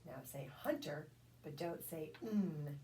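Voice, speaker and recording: A patient, encouraging woman leads a one-on-one phonics drill and sounds out words letter by letter. Her voice sits a little low and is picked up from a distance, with faint noise behind it. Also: animated, slow, dark tone. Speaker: reading tutor.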